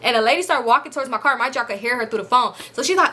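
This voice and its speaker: A young woman with a bright, high-ish voice recounts a story to her viewers in a casual vlog. She swears freely and acts out every line of dialogue. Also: quick pace, few pauses. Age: 20s. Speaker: storytime vlogger.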